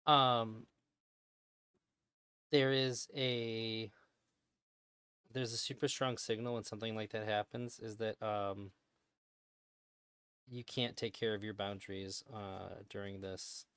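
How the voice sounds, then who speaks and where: A man talks through a clip he is reviewing on his stream. His voice sits a little low and is recorded close and dry. He rambles loosely, stops and restarts often, and laughs along the way. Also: level tone, takes it slowly, long pauses, a bit bright, clear, resonant tone, dry recording. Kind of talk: casual commentary over a played clip.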